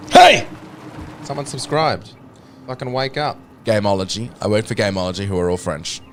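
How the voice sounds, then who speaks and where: A British man with a lowish voice speaks fast, with a little hiss or hum and background music. He's streaming a game, giving casual commentary while swearing and joking as he reads chat aloud.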